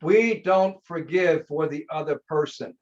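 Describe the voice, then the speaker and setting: A man's voice: a little high, measured pace, a little mellow. A man, a hypnotherapist guest on a podcast, telling a story in blunt, emphatic bursts. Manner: emphatic, blunt, punchy short phrases. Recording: slightly dull lo-fi sound.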